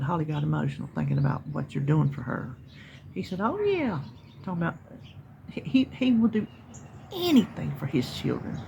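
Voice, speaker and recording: A woman's voice: sits low, vocal fry, dark tone, slight background noise. A middle-aged woman with a Southern US accent, chatting casually to her viewers in a rambling, folksy way, sitting outside in her yard. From North Carolina, US. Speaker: vlogger. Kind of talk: casual chat. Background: birds chirping.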